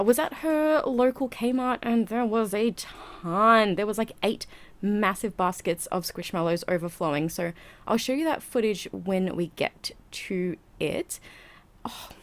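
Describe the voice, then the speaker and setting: A woman's voice: mid-range voice, unhurried. A woman, a channel host narrating a voiceover in a chatty, rambling, giggly way, a little out of breath. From Australia. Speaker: vlogger. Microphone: home voiceover mic.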